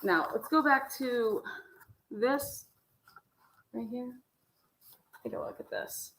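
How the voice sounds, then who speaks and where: A woman's voice: fairly high pitch, takes it slowly, roomy sound, low-quality recording. A woman hosting a call-in show, talking casually and acting out imagined dialogue as she makes her case. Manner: animated, acts out imagined dialogue. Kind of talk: casual commentary.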